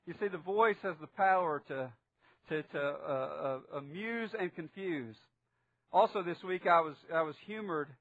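A man in his thirties preaching a sermon as pastor, earnest, dropping to a hush in prayer and acting out the voices he quotes. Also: high-pitched, normal speed, no room sound. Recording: dull lo-fi sound.

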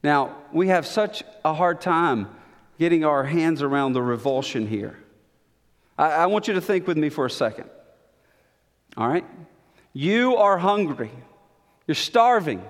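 A man preaching a sermon with dramatic pauses and emphatic repetition, in a church sanctuary. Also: fairly high pitch, lively intonation, long reverb tail. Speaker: pastor.

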